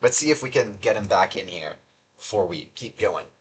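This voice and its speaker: A man's voice: deep voice, lively intonation, normal speed, breathy edge. A young man doing casual, sarcastic gaming commentary, reading out chat messages in a rambling, mocking way. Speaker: gaming video creator.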